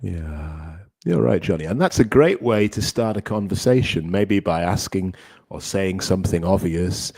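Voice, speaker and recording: A man co-hosts a podcast English lesson, calmly confirming his partner and explaining grammar in a relaxed way. His voice is very deep and mellow, recorded dry and close. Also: moderate pace, dry recording. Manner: relaxed, affirming, explains clearly. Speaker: co-host and English teacher.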